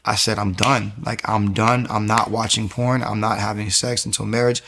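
A man telling his personal religious testimony in an animated, conversational way, acting out quotes. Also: moderate pace, gravelly, slight background noise. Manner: animated, acts out quotes with sudden high pitch jumps. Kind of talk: emotional conversational storytelling.

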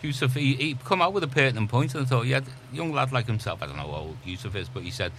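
A man's voice: mid-range voice, expressive, fast talker, fairly bright tone, slight background noise. A man in casual radio chat, agreeable and making his points with questions.

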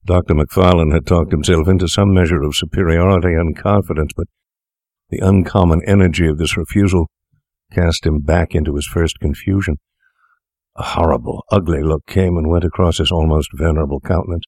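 A man reading a classic story aloud in a measured, deliberate way. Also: low voice, steady tone, a little mellow, no room sound, clean studio sound. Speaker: narrator.

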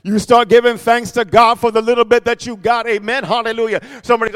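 Male preacher, lively and loud at times, high pitched, big reverb like a church hall. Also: brisk, few pauses, clear, resonant tone. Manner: animated, call-and-response exclamations, shouting peaks. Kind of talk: sermon.

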